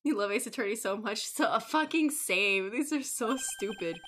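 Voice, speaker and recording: A woman's voice: a little high, lively intonation, normal speed, a bit bright, slight background noise. A young woman streaming a game, chatting casually, giggling and swearing often. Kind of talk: casual gameplay commentary.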